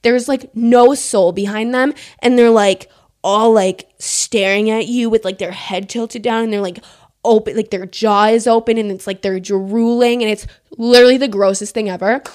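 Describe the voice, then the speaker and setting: A woman's voice: a little high, steady tone, moderate pace, darkish tone. A young woman telling a storytime on camera, chatty and indignant, peppering every sentence with "like" and swearing freely. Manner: emphatic, indignant retelling. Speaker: storyteller vlogger. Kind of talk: casual storytime monologue. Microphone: camera mic.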